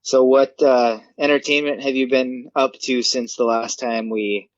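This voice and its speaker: A man co-hosting a podcast, chatting casually in an easygoing way with halting restarts. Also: mid-range voice, level tone, no echo. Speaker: podcast co-host. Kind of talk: casual chat. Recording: dull dry lo-fi mic.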